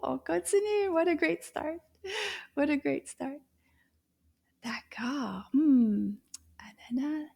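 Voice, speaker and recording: A woman teaches young children in a slow, patient voice. Her voice sits high but sounds mellow, and she often drops to a soft whisper. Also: gravelly. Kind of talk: slow, clear teaching to kids.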